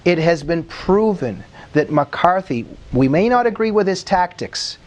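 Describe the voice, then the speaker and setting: A man's voice: sits high, animated, unhurried. A man hosting a political panel discussion, talking in an emphatic, indignant way. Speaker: talk show host.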